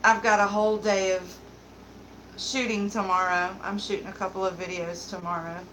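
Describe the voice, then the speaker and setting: A woman's voice: mid-range voice, flat delivery, moderate pace, fairly bright tone, a little hiss or hum, poor audio. A woman hosting a casual home livestream, chatting and giggling as she reads viewer comments and talks to her dog. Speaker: livestream beauty host.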